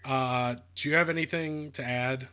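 A man co-hosting a casual movie podcast, talking in a loose, rambling way. His voice is very bright and forceful, at an ordinary pitch for a man. He jokes around and laughs easily. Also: fairly even intonation, moderate pace, clear, resonant tone. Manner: rambling, jokey, laughs often. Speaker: podcast co-host. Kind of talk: casual movie review chat.

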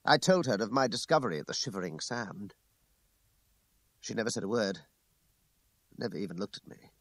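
A man reading a classic novel aloud in the first person, with measured, restrained narration. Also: on the low side, animated, fairly bright tone, dry recording. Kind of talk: scripted audiobook narration.

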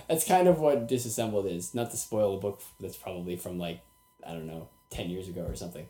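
A man's voice: on the low side, fairly quick. A man hosting a casual podcast, chatting and acting out quotes with lots of laughter. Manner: animated, acts out quotes, laughs often. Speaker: podcast host. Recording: roomy echo.

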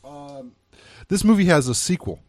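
A man co-hosting a casual podcast, relaxed, steering the talk and reading out facts he has looked up. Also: fairly high pitch, moderate pace. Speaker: podcast co-host. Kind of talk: casual chat.

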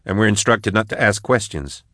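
A man narrating an audiobook, voicing a weary, guarded female aide who speaks in a flat, tired way. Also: lowish voice, moderate pace, no echo, clean studio sound.

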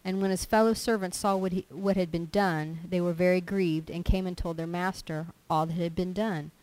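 A woman's voice: fairly low pitch, steady tone, moderate pace, a little mellow, poor audio. A woman preaching a sermon, reading a scripture passage aloud and explaining it, sometimes acting out everyday complaints in character. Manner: reads scripture aloud then applies it, acting out quoted complainers.

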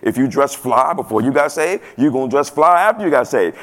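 A man preaching a sermon in a casual, playful way that swells to loud emphasis now and then. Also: mid-range voice, lively intonation, fast, hardly any pauses. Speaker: pastor.

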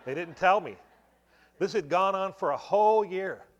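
A man's voice: sits high, lively intonation, moderate pace, dull audio. A man in his forties giving a church testimony, telling the story conversationally and filling it with many asides. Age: 40s. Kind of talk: sermon testimony.

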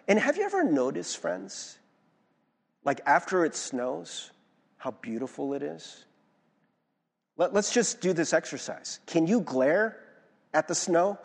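A young pastor preaching in a casual, animated way, with his pitch leaping high and low and a playful, self-mocking tone. His voice is fairly high and a bit husky, and it rings out with the long reverb of a large hall. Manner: animated, chatty, self-mocking, frequent "right?". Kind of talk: sermon.

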